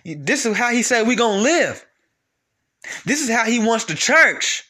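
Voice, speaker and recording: A man preaching about the Bible in a casual, animated way, talking straight to his listeners and repeating lines for emphasis. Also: very high-pitched, measured pace.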